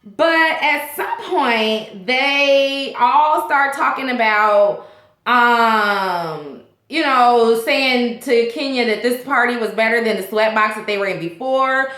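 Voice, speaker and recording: A chatty woman vlog host recaps a TV episode in a loose, rambling way, full of ums and restarts. Her voice is bright and sits a little high. The sound comes from a roomy, echoey space. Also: expressive, takes it slowly. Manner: chatty, rambling, many fillers. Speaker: TV show reviewer, vlog host.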